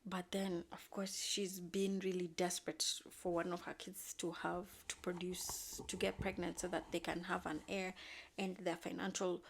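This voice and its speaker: A woman in casual chat, recapping a show in an animated, sassy way. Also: on the low side, moderate pace, creaky, a little hiss or hum.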